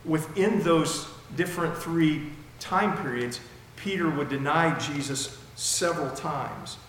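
A man's voice: fairly high pitch, slow, slight background noise. Male pastor, emphatic sermon delivery with a dry mouth, voice ringing through a large reverberant hall. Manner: emphatic, with dramatic swings in loudness. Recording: echoey hall with long reverb.

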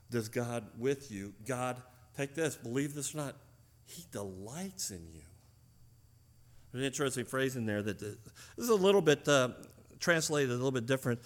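A man preaching a sermon, asking the congregation questions, moving between loud emphatic lines and quiet intimate ones, with casual fillers and restarts. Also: mid-range voice, moderate pace. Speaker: pastor.

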